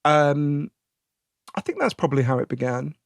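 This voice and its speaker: Animated posh British man, dry mic. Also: a little high, moderate pace, vocal fry, dry recording. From Britain. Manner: chatty and animated, laughs often, many fillers and restarts. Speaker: guest author. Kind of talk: conversational interview answers.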